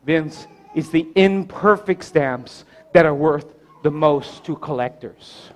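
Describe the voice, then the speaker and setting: A man's voice: a little high, slow pace, dull audio. A man voicing his older grandfather, an army veteran and stamp collector who lectures insistently and repeats himself. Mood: explaining.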